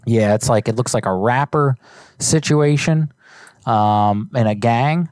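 A man's voice: mid-range voice, measured pace, a little mellow, no room sound. A man hosting a live-streamed prank call show, chatting loosely with lots of swearing and fillers. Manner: loose, profane, rambling with fillers. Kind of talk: casual live-stream chat.

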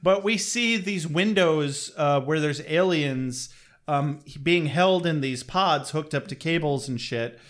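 Guy on a podcast recapping a cartoon, kinda high voice, rambly, swears a lot. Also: slow pace. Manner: rambling, swears casually, thinks aloud. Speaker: podcast co-host. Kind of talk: casual chat reviewing a cartoon episode.

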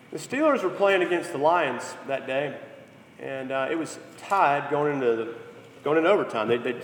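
A man's voice: fairly high pitch, a little hiss or hum. A man preaching a sermon, telling stories and acting out quotes with energy. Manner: storytelling with lively acted quotes. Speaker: pastor. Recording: echoey hall.

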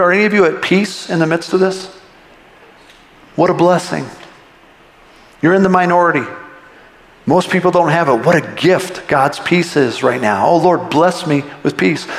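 A pastor preaches a sermon in a conversational style, posing rhetorical questions. His voice is on the high side, and the echoey hall gives it a long reverb.

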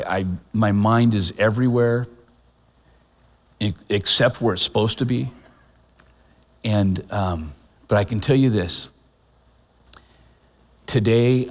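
A middle-aged pastor delivers a heartfelt sermon in a fairly low voice. He speaks earnestly, often restarting his sentences and pausing with fillers. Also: in a large hall. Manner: emotional, choked up at moments.

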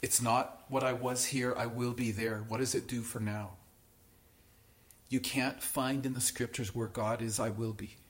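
A man's voice: mid-range voice, flat delivery, a little slow, echoey room. A man teaching a Bible study to a small group, speaking earnestly and with emphasis, often restarting phrases and checking that his listeners follow.

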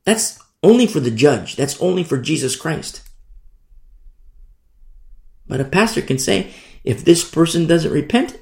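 A man's voice: on the high side, animated, unhurried, gravelly, long pauses, darkish tone, reverberant. A man preaching a sermon as a pastor, emphatic and conversational, driving points home through repetition.

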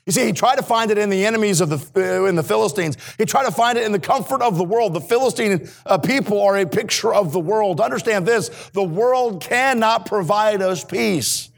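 This sermon comes from a male missionary whose high-pitched voice has a gravelly edge, speaking a little fast with few pauses in a church sanctuary. Talking straight to the congregation, he alternates hushed earnestness with loud, emphatic passages.

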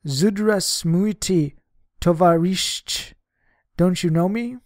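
A frank, hard-pressed young cigarette girl from a memoir audiobook, as a male reader voices her. She answers plainly and directly, her voice pitched slightly higher than his narration. The sound is close and dry. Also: very slow, darkish tone, no echo.

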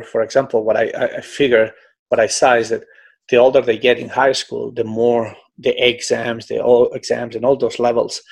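A middle-aged man with a gravelly, husky voice, talking as a swim coach in an interview. He tells his stories in a lively, conversational way, filling his sentences with "you know". His tone stays loose and unscripted. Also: mid-range voice. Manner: animated, frequent "you know", breaks into quoted voices.

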